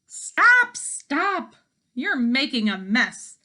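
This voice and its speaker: A woman doing a shrill bossy hen. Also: very animated, measured pace, a bit bright, heavily acted. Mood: fussy. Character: fussy bossy hen, female, small.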